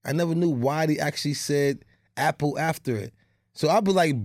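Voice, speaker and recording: A man's voice: fairly high pitch, brisk, a little mellow, no room sound, clean studio sound. A man co-hosting a podcast, telling a rambling, profane comic story in casual chat. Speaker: podcast co-host.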